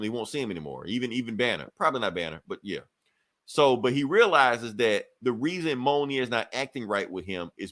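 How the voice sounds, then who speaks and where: A man's voice: mid-range voice, fairly bright tone. A man co-hosting a podcast, recapping a comic book in a loose, profane, laughing way. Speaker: podcast co-host.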